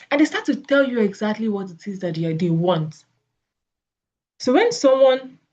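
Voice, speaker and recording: In a mid-range voice that's a little mellow and slightly rough, a Nigerian-accented woman coaches on network marketing sales talks. She performs both sides of sample conversations, and the audio is lo-fi and slightly dull.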